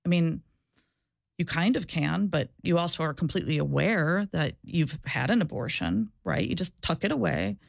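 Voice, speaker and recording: A woman's voice: low-pitched, lively intonation, moderate pace, vocal fry, no room sound, clean studio sound. Earnest woman recounting her past. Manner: earnest, reflective, many restarts and repetitions. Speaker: former social worker, guest. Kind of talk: candid interview talk.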